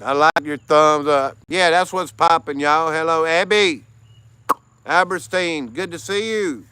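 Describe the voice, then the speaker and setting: A man's voice: a little high, unhurried, sharp tone, smooth, dry recording. A tired American man hosting a casual livestream, greeting chat viewers by name and laughing often. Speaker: livestream host.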